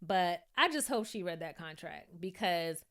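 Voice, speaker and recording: A woman's voice: on the low side, measured pace. Chatty woman reviewing a reality show. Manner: chatty, animated, often laughing and quoting people. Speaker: YouTube reviewer. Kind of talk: casual recap and commentary.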